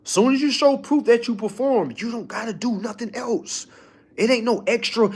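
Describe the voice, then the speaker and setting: A man giving a casual, preachy motivational lecture to his students, tagging nearly every sentence with "all right?" and swinging from low mutters to loud urging. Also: animated, a little fast, slightly rough. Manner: emphatic and preachy, constant "all right?" check-ins. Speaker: online course teacher.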